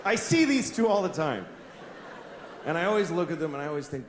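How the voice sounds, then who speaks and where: Animated, exasperated male stand-up comic. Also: high voice, quick pace. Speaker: stand-up comedian. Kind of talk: stand-up comedy. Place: comedy club stage. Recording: roomy club with crowd noise.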